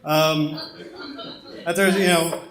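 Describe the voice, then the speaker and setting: A man's voice: a little high, fairly even intonation, takes it slowly, a bit bright. A young man from the American South doing a self-deprecating stand-up set on a comedy club stage, with lots of ums. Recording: echoey club room with crowd laughter.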